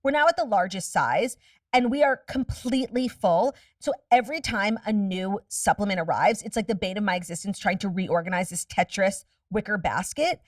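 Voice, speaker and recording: A woman's voice: medium pitch, dry recording, studio quality, distant mic. A woman guest chatting casually on a podcast, candid and profane, telling stories in a rush. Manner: candid, profane, rapid storytelling.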